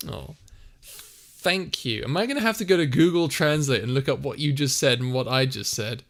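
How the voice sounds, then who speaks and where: A man's voice: mid-range voice, animated, moderate pace, hardly any pauses, a bit bright. A young man casually chatting on a live stream, reading viewer comments aloud and laughing often. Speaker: streamer and audio creator.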